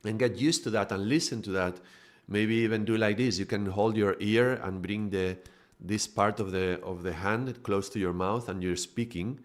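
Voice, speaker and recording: Male yoga teacher, low voice, explanatory live talk. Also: steady tone, normal speed. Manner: explanatory, demonstrates with his own voice.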